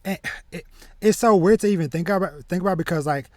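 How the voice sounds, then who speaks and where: Halting man host with a higher voice. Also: a little mellow, no room sound, studio quality. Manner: halting, many restarts and fillers, laughs easily. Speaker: podcast host. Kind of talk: casual podcast chat.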